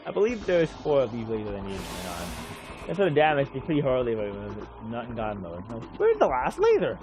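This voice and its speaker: A man's voice: mid-range voice, wildly swooping pitch, fairly quick. A man giving rambling, casual commentary while streaming a game, swearing offhandedly now and then.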